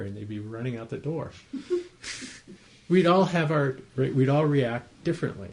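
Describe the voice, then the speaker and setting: Meditation teacher, male, mid-pitched with a gravelly edge, explains patiently and checks in with the room. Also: normal speed. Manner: conversational, gently explaining, asks the listeners to confirm they follow. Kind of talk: dharma talk to a group. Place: his home, small group room.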